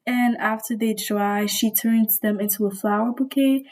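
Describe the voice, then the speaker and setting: A woman's voice: a little high, fairly even intonation, moderate pace, darkish tone, poor audio. A young woman vlogger, a little sick, rambling and gushing in casual slangy storytime chat.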